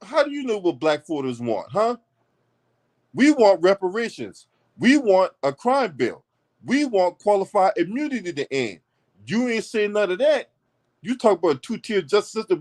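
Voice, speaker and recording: Foul-mouthed man ranting on politics, higher voice. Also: big pitch swings, normal speed. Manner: blunt, mocking, swears constantly. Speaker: political commentary host. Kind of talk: profane heated commentary rant.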